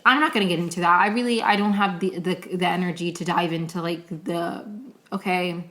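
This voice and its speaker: A young woman talks through a TV episode on her podcast in a loose, rambling way, circling back and restarting her sentences. Her voice sits a little low for a woman, and she gets openly emotional as she goes. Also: steady tone, a little fast, a bit bright. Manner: emotional, rambling, tearful at times, many "like"s and restarts. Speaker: podcast host. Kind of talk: casual solo recap.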